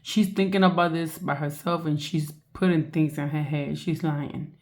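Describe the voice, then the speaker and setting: Woman reaction host, very low voice, sore and strained, soft mocking delivery with laughs. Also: fairly even intonation, moderate pace. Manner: mocking, laughing, talking softly. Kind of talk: reaction commentary.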